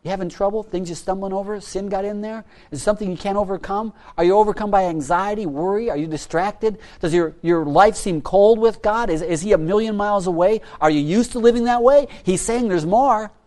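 A man preaching a sermon as pastor, earnest and pleading, firing off rhetorical questions and repeating words, sometimes dropping almost to a hush. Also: sits high, fairly quick, few pauses.

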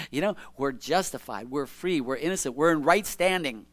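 A man's voice: fairly high pitch, expressive, normal speed, a bit bright. A man preaching a sermon, reading scripture aloud and explaining it in a conversational way, with frequent rhetorical questions. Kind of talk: sermon, Bible teaching.

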